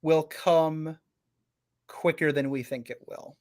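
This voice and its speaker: A man joins a livestream as a guest and chats in an animated, joking way, laughing often. His voice sits somewhat high for a man. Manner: animated, jokey, quick to laugh. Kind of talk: casual livestream chat. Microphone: video call setup.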